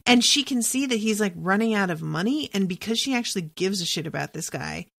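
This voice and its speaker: A woman's voice: medium pitch, animated, a little fast, gravelly, a bit bright. A woman hosting a podcast, recapping a TV episode in casual, profane chat and thinking aloud with lots of "like"s.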